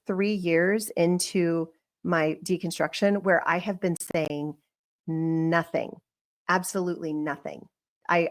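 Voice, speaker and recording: A middle-aged woman hosting a podcast, talking candidly in a reflective, conversational monologue and acting out bits of remembered dialogue. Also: lowish voice. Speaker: podcast host.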